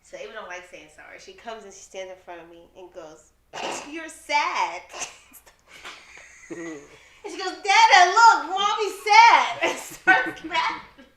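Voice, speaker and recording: A woman's voice: on the low side, animated, measured pace, pushed and bright, reverberant, a little hiss or hum. A woman co-hosting a casual chat, telling family stories with lots of laughter and acted-out voices. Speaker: co-host.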